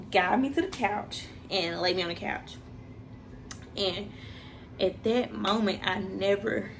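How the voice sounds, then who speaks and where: A young woman telling a personal story in a casual, animated way, jumping high for quoted voices and dropping to a hush in tense moments. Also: creaky, slight background noise. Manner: animated, acts out quoted voices with big pitch jumps.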